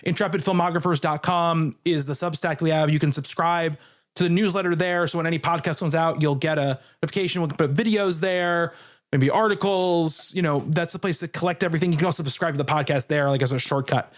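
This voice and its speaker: Chatty higher-voiced male podcast host. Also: steady tone, brisk. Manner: chatty, loose, with filler words and restarts. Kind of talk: casual film podcast chat.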